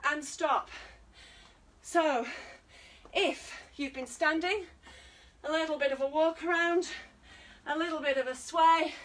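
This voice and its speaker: British woman fitness instructor, high voice, breathless, coaching live; mic set back, faint hiss. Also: fairly bright tone, distant mic, rough recording. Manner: encouraging, counting down and coaching while exercising. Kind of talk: online exercise class.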